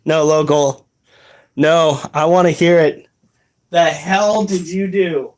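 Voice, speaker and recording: Casual profane streamer, slow drawn-out delivery, rambles and reacts to chat. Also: medium pitch, fairly even intonation, a little mellow. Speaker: livestreamer reading chat.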